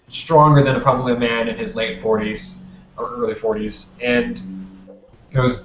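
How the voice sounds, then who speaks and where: A man's voice: mid-range voice, level tone, slow. Man narrating a tabletop game. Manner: loose, conversational storytelling. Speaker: game master. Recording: roomy, dull lo-fi, faint noise.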